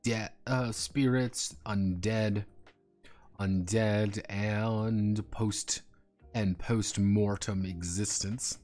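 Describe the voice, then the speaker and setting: A man streaming, chatting casually and rambling through profane, animated tangents over faint background music. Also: fairly low pitch, extremely slow. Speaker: streamer and game designer.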